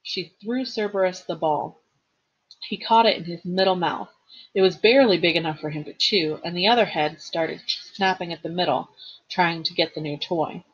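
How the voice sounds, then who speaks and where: A woman, a teacher, reading a novel aloud with expressive storytelling and the occasional slip and reread. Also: fairly low pitch, normal speed, breathy edge, highs cut off.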